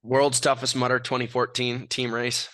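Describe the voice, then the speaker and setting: A man's voice: mid-range voice, little pitch movement, normal speed, a bit bright, dry recording. A young man from California, a brash and self-assured athlete telling stories in a casual interview. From California, USA. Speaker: athlete guest.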